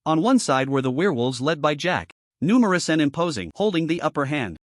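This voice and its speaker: A man's voice: fairly high pitch, big pitch swings, fairly quick, no room sound, clean studio sound. A man narrating a fantasy story recap in a scripted storytelling delivery.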